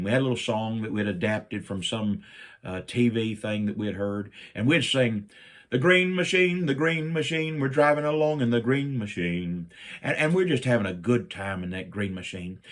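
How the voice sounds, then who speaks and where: A middle-aged man from Virginia, telling a personal story and acting out his own lines with big jumps up in pitch. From Virginia, USA. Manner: animated, jumps up in pitch when quoting himself.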